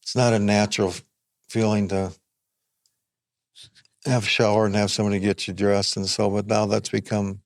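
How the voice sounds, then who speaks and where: An older man, a podcast guest, talking in a plain-spoken, reflective and unhurried way in casual conversation. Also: lowish voice, little pitch movement.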